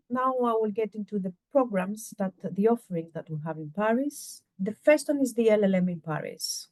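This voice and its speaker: A woman giving an informational webinar presentation about a university program, speaking in a halting way as she searches for words, over a video call microphone. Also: mid-range voice, warm tone, dry recording.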